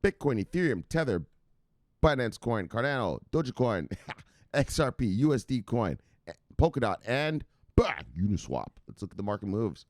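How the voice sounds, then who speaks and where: A man's voice: medium pitch, sing-song, normal speed, no room sound, clean studio sound. A man hosting a casual crypto news show, playful and loose, chanting sing-song refrains and swearing freely. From United States. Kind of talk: casual market commentary.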